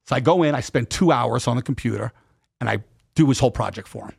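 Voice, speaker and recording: A middle-aged man telling a personal story in a casual interview, emphatic and animated. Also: mid-range voice, fast, gravelly, husky. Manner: emphatic, animated retelling with acted quotes and profanity. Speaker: podcast guest.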